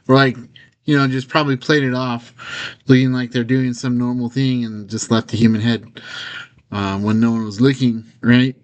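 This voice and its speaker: A man's voice: mid-range voice, fairly even intonation, a little fast. A man telling a rambling personal story straight to his own camera in a casual vlog, with many fillers and the odd nervous laugh.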